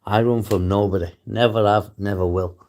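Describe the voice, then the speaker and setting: A man's voice: on the low side, steady tone, moderate pace, a little mellow. Defiant man ranting on a livestream. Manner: defiant, swears often, addresses viewers by name. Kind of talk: rambling live stream monologue.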